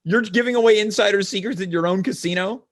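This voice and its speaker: A man hosting a comedy talk show, asking earnest questions in a deadpan way. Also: high-pitched, fast talker. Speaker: host.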